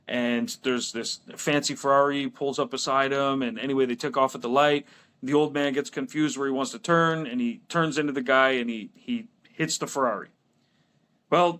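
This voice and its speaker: A man's voice: medium pitch, fairly bright tone. Chatty man telling a long joke. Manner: storytelling with lots of restarts and laughs. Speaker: podcast co-host. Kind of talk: casual chat.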